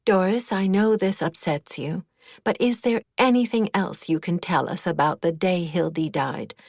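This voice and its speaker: A woman voicing a gentle older woman coaxing someone to talk, in an audiobook. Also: lowish voice, normal speed, vocal fry, dry recording, studio quality.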